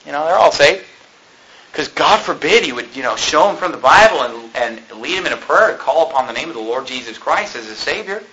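A man preaching a fiery sermon, rising to shouts at his peaks and dropping to a conversational tone for stories. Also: mid-range voice, animated, a little fast, hardly any pauses, muffled recording. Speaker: pastor.

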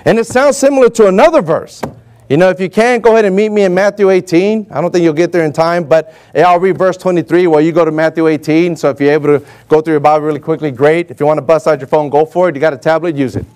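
In a warm indoor church hall, a male preacher gives a sermon, reading scripture aloud and acting out its figures, including voices for Moses and God. His voice sits high for a man, and he speaks quickly with lively, animated energy.

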